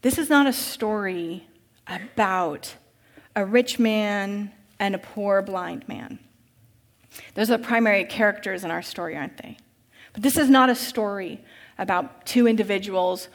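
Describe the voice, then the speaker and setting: A woman preacher telling a story in a vivid, expressive sermon. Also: medium pitch, measured pace, big-room sound.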